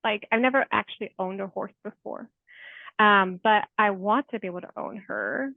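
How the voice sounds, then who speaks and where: A woman in her forties shares her experiences in an unscripted interview, warm-hearted and rambling with frequent fillers and little laughs. Her voice sits at an ordinary middle pitch. The sound is dry and narrow, like a tinny phone or video call. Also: moderate pace, gravelly, dry recording. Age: 40s. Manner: chatty and heartfelt, with many "like" fillers and soft laughs. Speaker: therapist guest. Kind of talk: casual interview chat.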